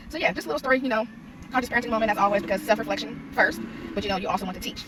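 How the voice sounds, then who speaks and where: A young adult woman, a parenting content creator, telling a story from her morning in a casual, animated vlog and acting out the quotes. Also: fairly high pitch, recorded from a distance, noisy background. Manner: rapid, animated retelling with acted-out quotes.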